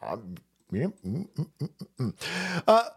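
A man hosting a livestream, ranting and swearing, laughing often and swinging between shouting and muttering. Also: high-pitched, sing-song, moderate pace. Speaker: livestream host. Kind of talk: profane political rant.

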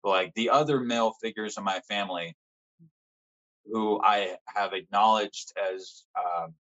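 A young man as a podcast guest, frankly telling a personal story in casual conversation, swearing often and pausing with fillers. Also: fairly low pitch, fairly bright tone, muffled recording.

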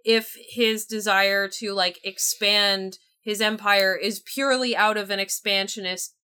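Bright-voiced woman chatting casually. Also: mid-range voice, unhurried, smooth. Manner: animated, rambling with many fillers. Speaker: podcast co-host. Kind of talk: casual chat.

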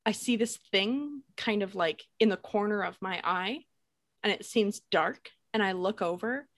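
A young woman casually telling a ghost story on a podcast, animated, laughing and swearing as she goes. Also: mid-range voice, dry recording. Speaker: podcast co-host.

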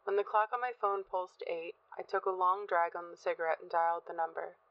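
A woman narrating a first-person horror story in a measured, tense manner. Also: lowish voice, steady tone, no room sound. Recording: dull, dry, lo-fi sound.

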